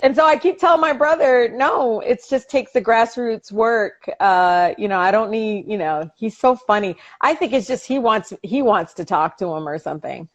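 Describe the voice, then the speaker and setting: A woman politician chatting as an interview guest over a video call, telling animated stories, laughing often and acting out family dialogue. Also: a little high, moderate pace, hardly any pauses, muffled recording.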